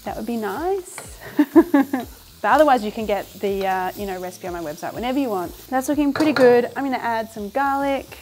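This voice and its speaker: A woman's voice: a little high, lively intonation, normal speed, a crowd in the background. A woman in her thirties hosting a cooking show from her home kitchen. She talks casually and enthusiastically through the recipe and laughs often.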